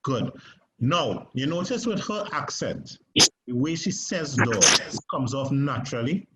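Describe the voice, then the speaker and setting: A man's voice: medium pitch, animated, unhurried. A man teaching a stage acting class, coaching his students and checking in with "right?" as he explains. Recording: muffled classroom recording with background noise.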